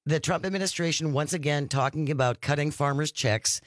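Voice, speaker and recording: Male talk host, emphatic and deliberate, higher voice, dry studio sound. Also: no echo. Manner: emphatic, spells points out slowly. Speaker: radio show host. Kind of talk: radio interview.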